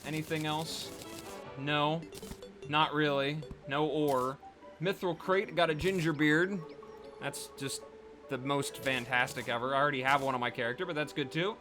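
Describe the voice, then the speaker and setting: A man's voice: fairly high pitch, pushed and bright. A man giving casual, rambling gameplay commentary as a let's play host, chatty and full of fillers.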